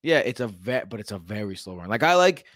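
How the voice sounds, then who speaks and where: A man's voice: fairly low pitch, very animated, quick pace, fairly bright tone, no echo. A man co-hosting a podcast, chatting casually in a slangy, loose and rambling way. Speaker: podcast co-host. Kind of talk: casual chat.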